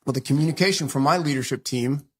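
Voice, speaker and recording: A middle-aged man, a guest on an interview show, telling a story in a brisk conversational way and acting out the lines people said to him. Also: a little high, breathy edge. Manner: fast retelling that acts out quoted dialogue.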